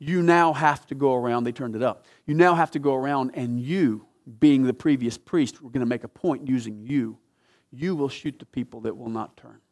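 A man preaching a sermon, telling a story with dramatic swings from loud emphatic peaks to hushed, low passages. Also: moderate pace.

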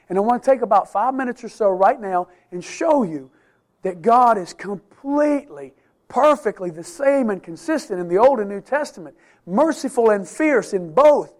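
Middle-aged guy teaching sunday school, pretty high voice, earnest, leans hard on words and slows way down to make a point. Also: a little mellow. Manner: emphatic and earnest, slowing down to stress key words. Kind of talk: Bible teaching to a class.

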